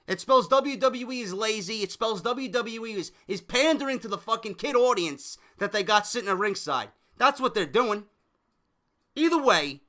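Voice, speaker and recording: A man's voice: high-pitched, pushed and bright. A young man giving a heated, profane solo review rant of a wrestling show, frustrated and venting.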